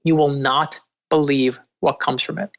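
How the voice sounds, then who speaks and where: A man in a casual interview, an author telling stories in an animated, earnest way. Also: a little high, measured pace, vocal fry. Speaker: author and guest. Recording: dull lo-fi remote audio.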